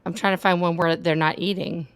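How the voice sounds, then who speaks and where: A woman on a live stream panel, gushing excitedly and steering the others in casual chat. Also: fairly low pitch, brisk, clean tone, no room sound. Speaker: guest panelist.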